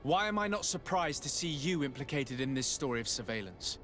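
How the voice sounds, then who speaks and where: An actor playing a composed young male noble envoy in a game, speaking in a measured, questioning way. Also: mid-range voice, animated, fairly bright tone, close to an everyday voice. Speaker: player character. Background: faint game music.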